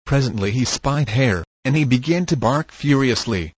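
A man narrating an audiobook in a steady, measured reading voice. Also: medium pitch, dry recording.

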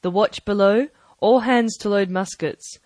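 A woman doing a stern, curt ship's captain with a clipped, commanding manner. The audiobook voice is brisk and no-nonsense. It is recorded dry and close. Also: medium pitch, darkish tone, dry recording, natural voice. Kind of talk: audiobook character voice.

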